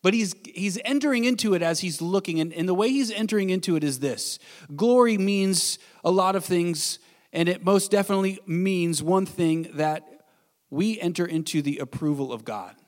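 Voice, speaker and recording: Earnest pastor preaching in a reverberant hall. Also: male voice, sits high, a little fast. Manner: earnest, swinging from bold to hushed. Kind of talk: sermon. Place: church sanctuary.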